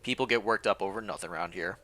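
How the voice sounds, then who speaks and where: A man's voice: low-pitched, fast, pushed and bright, voice pushed down. A man voicing a curt retired estate warden, speaking tersely in a put-on foreign accent. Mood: gruff.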